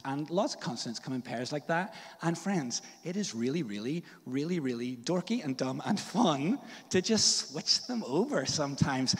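In a church with a long reverb tail, a man of medium pitch preaches as pastor. He's from Northern Ireland, has the accent to match, and tells his sermon like a joking, casual yarn loaded with slang and fillers.

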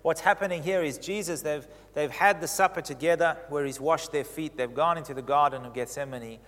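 A man preaching a sermon who gets animated, swinging in pitch and loudness as he drives his points home. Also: brisk, big-room sound.

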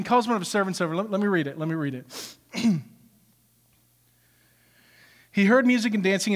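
A man preaching a sermon as pastor, animated, acting out the story's characters as he goes. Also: high voice, long reverb tail.

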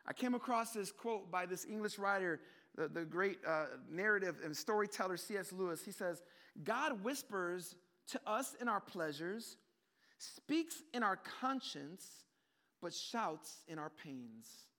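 High-voiced animated man preaching. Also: unhurried. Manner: animated, swings between loud emphatic peaks and hushed low asides; casual, conversational preaching with quoted prayers. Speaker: pastor. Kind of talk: sermon.

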